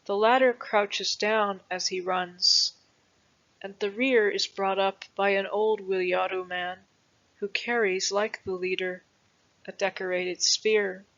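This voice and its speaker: Female narrator, very unhurried and even, reading an old account aloud. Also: medium pitch, lo-fi sound. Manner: slow, deliberate, even delivery. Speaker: narrator reading a historical text. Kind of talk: measured scripted reading.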